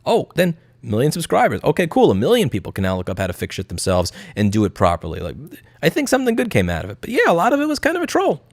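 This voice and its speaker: A man's voice: on the high side, quick pace, no echo, clean studio sound. Blunt, profane man on a live stream. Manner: blunt, profane, animated, mocking impressions. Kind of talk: casual live stream chat. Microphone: studio mic.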